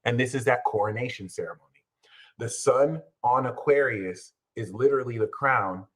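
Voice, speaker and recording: An American man hosting an astrology livestream, talking in an emphatic, slangy way and breaking into loud, heated rants. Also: medium pitch, rough recording. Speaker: astrologer and channel host. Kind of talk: animated livestream astrology talk.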